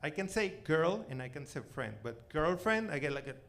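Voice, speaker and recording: A man in his forties from Venezuela with a Spanish accent, performing a self-mocking stand-up set on a theater stage, loud one moment and muttering the next. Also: on the high side, brisk. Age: 40s. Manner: animated, self-mocking, swings between loud outbursts and mutters. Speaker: stand-up comedian.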